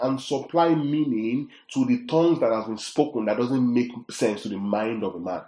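A man's voice: mid-range voice, moderate pace, few pauses, darkish tone. A man teaching a sermon, emphatic and often checking that his listeners follow. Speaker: preacher. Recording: echoey room.

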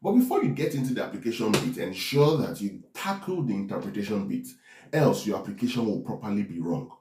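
A man delivers a Bible-teaching sermon in an animated, lowish voice, talking a little fast. He peppers it with "right?" and "are we together?" to check in with his audience. The room echoes and there's background noise.

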